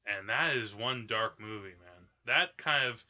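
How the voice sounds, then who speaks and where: A man's voice: fairly low pitch, measured pace, sharp tone, muffled recording. A man hosting a podcast, chatting casually about old films with lots of fillers and restarts. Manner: rambling, many fillers and restarts. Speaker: podcast host. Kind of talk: casual film discussion.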